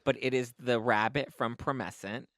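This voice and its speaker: A man's voice: mid-range voice, steady tone, moderate pace, fairly bright tone, no room sound. A man co-hosting a podcast in a studio, playful and teasing in casual chat. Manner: playful, teasing, presents products. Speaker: podcast co-host.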